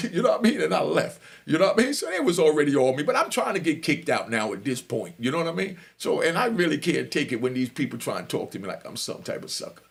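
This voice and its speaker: A middle-aged man telling a story in casual, animated speech, often asking listeners if they follow. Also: fairly high pitch, fast, creaky, few pauses. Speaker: storyteller and channel host.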